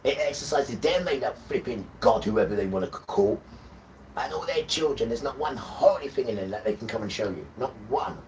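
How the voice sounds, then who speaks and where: A man's voice: mid-range voice, animated, brisk, darkish tone, recorded from a distance, a little hiss or hum, low-quality recording. A man giving a preachy, emphatic livestream talk, lecturing the viewers with chuckling asides. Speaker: livestream host.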